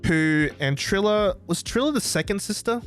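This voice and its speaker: An Australian man hosting a podcast, chatting excitedly and rambling, often losing track of names. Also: high voice, normal speed, faint music behind. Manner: excitable, rambling, forgets names mid-sentence. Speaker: podcast host. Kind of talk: casual chat. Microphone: desk microphone.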